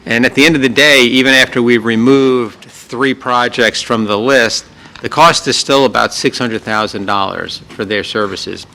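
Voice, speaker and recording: A man presenting an update at a city workshop meeting, losing his voice, measured and explanatory. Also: medium pitch, steady tone, vocal fry, pushed and bright, poor audio. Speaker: city manager. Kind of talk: public meeting report.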